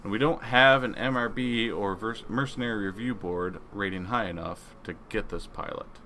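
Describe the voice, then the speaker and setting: A man with a slightly low, bright voice gives relaxed game commentary. He rambles through menus and reads game text aloud. Faint noise sits behind him. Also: normal speed. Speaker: gaming video creator.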